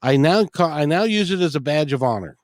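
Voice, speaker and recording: A man's voice: on the high side, expressive, fairly quick, no echo, studio quality. A man hosting an interview, telling a story in a casual, good-humored way and often restarting his phrases. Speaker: interview host.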